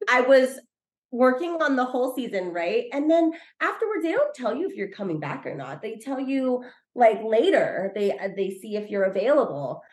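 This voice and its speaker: A woman's voice: on the high side, big pitch swings, moderate pace, darkish tone, roomy sound. A woman chatting as a guest on a video call, rambling, restarting her sentences and giggling. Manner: rambling and self-interrupting, giggly. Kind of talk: casual chat.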